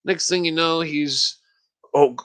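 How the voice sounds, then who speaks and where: Profane ranting man clearing his throat. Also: on the high side, fairly even intonation, slow pace, fairly bright tone. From United States. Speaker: podcast host. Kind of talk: casual rambling monologue. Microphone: podcast microphone.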